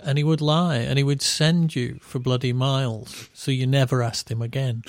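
Man, middle-aged, from England, gravelly voice, dry room, rambling anecdotes. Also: medium pitch, fairly even intonation, normal speed, hardly any pauses, no echo. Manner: rambling storyteller with restarts, laughing at his own stories. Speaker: band musician guest. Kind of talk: casual anecdotal chat.

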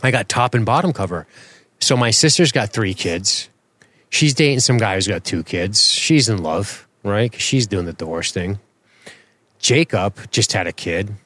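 A man's voice: on the low side, animated, normal speed, fairly bright tone. A man co-hosting a loose, drunken podcast, rambling through stories with laughs and swearing. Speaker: podcast co-host.

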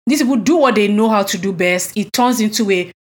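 Woman podcast co-host, mid-pitched, telling a story with pointed outrage in relaxed conversation. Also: fairly quick. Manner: indignant, emphatic storytelling with rhetorical questions. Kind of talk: casual conversational chat.

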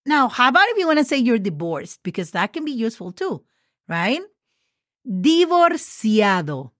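Female language teacher, chatty and encouraging, spells things out patiently; bone-dry mic, pitch a bit above average. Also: big pitch swings, a little fast, a bit bright, no room sound. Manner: chatty, spells words letter by letter with friendly asides. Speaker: Spanish teacher. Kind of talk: casual podcast language lesson.

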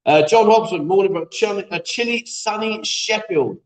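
A man's voice: sits high, normal speed. A man hosting a live-stream chat show, bantering and reading viewer comments aloud in a jokey, chatty way. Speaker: host. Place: echoey room being set up as a studio. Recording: echoey room.

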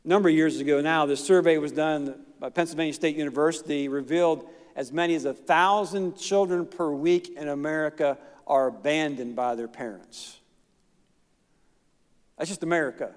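A man's voice: a little high, normal speed, big-room sound. A middle-aged male pastor preaching a sermon in a folksy, plain-spoken way, with asides and chuckles. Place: church.

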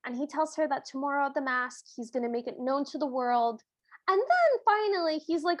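A woman's voice: high voice, animated, brisk, no room sound. A woman co-hosting a podcast, casually and expressively retelling a movie and giving her opinions. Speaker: podcast co-host. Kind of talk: casual movie recap chat.

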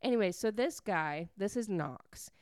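A woman's voice: mid-range voice, animated, measured pace, darkish tone, no echo, clean studio sound. A woman casually recapping a book, chatty and gushing, with many fillers. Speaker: book reviewer.

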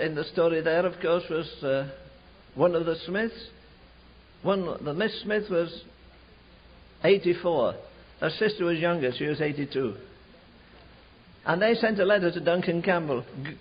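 Fervent older male preacher, husky and high. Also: normal speed, long pauses. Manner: fervent, builds to shouting climaxes. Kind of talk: storytelling sermon. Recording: dull lo-fi archive recording.

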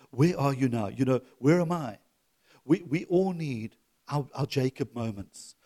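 A middle-aged man preaching a sermon to his church, swinging from loud exhortation to soft, chuckling asides. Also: mid-range voice, lively intonation, a little slow. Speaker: pastor.

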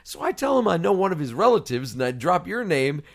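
Casual podcast host, male, expressive storyteller who mimics others, slightly high and very lively pitch. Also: brisk, gravelly. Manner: animated storyteller, acts out quoted people; swears casually. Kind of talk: casual chat.

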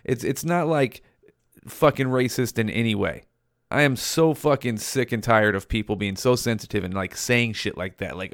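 A young Californian man hosts his own podcast, ranting bluntly and swearing nonstop in a casual solo monologue. His voice is medium-pitched at a normal speed, captured at studio quality with no room sound.

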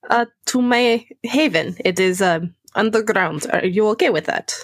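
A woman's voice: medium pitch, normal speed, no room sound, lightly acted. A woman voicing a guarded, formal female vampire newcomer with a put-on Russian accent, clipped and dropping articles. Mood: friendly, guarded. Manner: clipped speech, drops articles.

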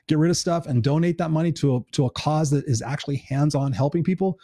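A middle-aged man talking quickly in an earnest, encouraging live-stream chat. His voice sits a bit high but sounds dark and mellow. The sound is dry and close, with no room around it. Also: no echo. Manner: earnest, encouraging, swears casually. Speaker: live show host.

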